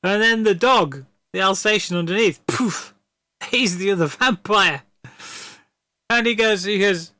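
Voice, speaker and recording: A man chatting on a stream, rambling and repeating his words as he laughs his way through a story. His voice is bright and sits a little high. The sound is close and dry. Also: unhurried, dry recording. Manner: rambling, stammering storyteller who laughs often. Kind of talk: casual chat.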